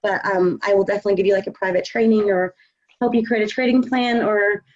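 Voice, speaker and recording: Woman trading coach, mid pitch, assured and chatty, on muffled lo-fi stream audio. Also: fairly even intonation, fast. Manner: confident, chatty, many fillers. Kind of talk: casual live Q&A chat.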